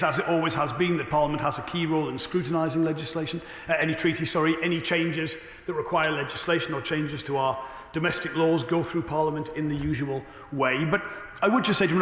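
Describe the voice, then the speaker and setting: A man, a government minister, answering questions in a parliamentary debate with a brisk, assured delivery and a slightly hoarse voice. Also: a little high, fairly bright tone. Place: debating chamber. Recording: echoey chamber with long reverb.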